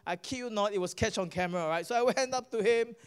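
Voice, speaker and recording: A middle-aged man with a Singaporean English accent preaches with animated, storytelling energy. His voice sits high and sounds smooth and resonant. He keeps pulling the listeners in with quick questions. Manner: animated storytelling, asks the audience "right?" and "guess what?". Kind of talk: sermon with personal testimony.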